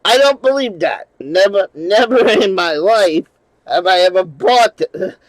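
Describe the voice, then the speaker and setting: A man with a notably high voice tells a long, rambling story on his channel, swearing freely and breaking into laughter as he goes. The sound is close and dry, with no room around it. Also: animated, a little slow, dry recording, rough recording. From New England. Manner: rambling, profane, laughing often, with many restarts. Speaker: channel host. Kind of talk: casual storytelling livestream.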